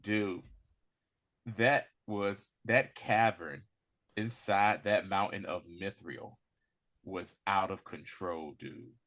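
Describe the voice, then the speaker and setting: A man's voice: low-pitched, slow pace. A man co-hosting a casual recap over a video call, retelling scenes energetically in slang and acting out the characters. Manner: animated storyteller, acts out characters, slangy. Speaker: podcast co-host.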